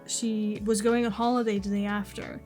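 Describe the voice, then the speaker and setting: A woman's voice: mid-range voice, little pitch movement, normal speed, a little mellow, faint music behind. Chatty young woman telling an anecdote. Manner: chatty anecdote with quoted apologies and asides. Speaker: podcast co-host. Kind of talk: casual chat, storytelling.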